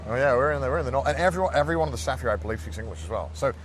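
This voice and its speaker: A man showing friends around a town, telling stories in a fast, laughing way. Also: mid-range voice, animated, a little hiss or hum. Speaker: tour guide friend. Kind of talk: casual chat.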